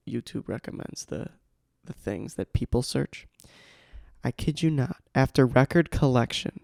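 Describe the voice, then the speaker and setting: Young guy podcasting solo, gravelly voice, dead dry mic, rambly and self-mocking. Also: medium pitch, a little mellow, dry recording. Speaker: podcast host. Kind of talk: casual solo podcast talk. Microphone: studio microphone.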